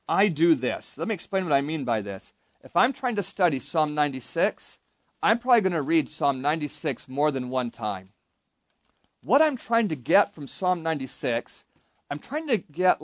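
Recorded with no room sound, a man whose voice sits a little high teaches the Bible to young campers. He keeps it interactive, asking questions and guiding the group in call-and-response.

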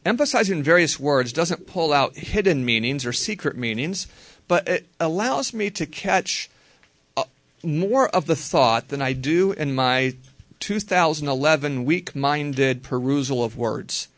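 A man teaching a group how to read the Bible, talking in a relaxed, conversational way and slowly repeating verses. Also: a little high, no room sound. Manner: relaxed, conversational, slow careful repetition.

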